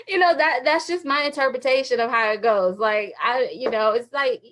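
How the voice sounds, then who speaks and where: Brief: high-pitched woman, lively faith talk to viewers, laughs often, acts out quoted thoughts. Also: fairly quick, hardly any pauses. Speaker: Christian women's ministry speaker.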